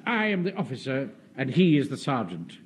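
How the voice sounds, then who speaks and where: An actor playing a pompous, self-important middle-aged Home Guard captain who narrates a radio script. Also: male voice, mid-range voice, big pitch swings, normal speed, close to an everyday voice. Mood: indignant. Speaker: officer reading a radio script. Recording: hissy old radio recording.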